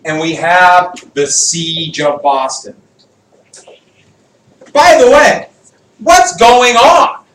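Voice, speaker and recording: Animated teacher in an echoey classroom. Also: male voice, high voice, drawn-out words, long pauses, distant mic. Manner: animated, jokey, quizzes the class. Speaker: history teacher. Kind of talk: classroom lecture with student questions.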